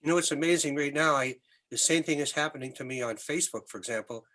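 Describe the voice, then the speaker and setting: An older Canadian man, a musician guest, telling animated anecdotes in an interview with many restarts. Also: fairly high pitch, quick pace. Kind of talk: storytelling interview.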